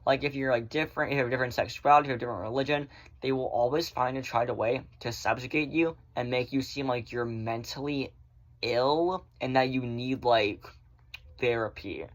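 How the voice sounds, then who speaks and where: A man chatting casually in a vlog, rambling through viewer questions and swearing freely, often in fast bursts. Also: medium pitch. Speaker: vlogger answering viewer questions. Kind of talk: casual chat.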